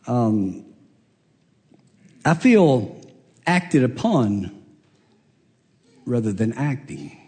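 A man preaching a sermon, earnest and confessional, swinging from raised emphatic peaks down to near-whispered hushes. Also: sing-song, very slow, long pauses. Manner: emphatic, rising high then dropping to near-hush.

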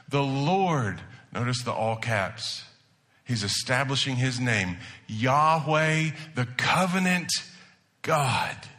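A man preaching a sermon to his church, moving between hushed asides and emphatic declarations. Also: medium pitch. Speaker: pastor.

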